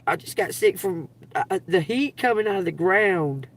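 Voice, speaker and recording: A woman's voice: on the low side, moderate pace, slight background noise. A middle-aged woman with a Georgia accent, telling a rambling, profane story on a live stream. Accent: Southern US (Georgia). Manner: profane, animated, laughs through the story. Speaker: live-stream tarot reader. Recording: dry sound, distant from the mic.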